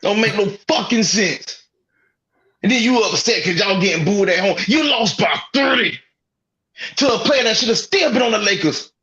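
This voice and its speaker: High, bright-voiced man ranting profanely. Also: expressive, normal speed, dull audio. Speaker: podcast co-host. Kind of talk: heated sports rant.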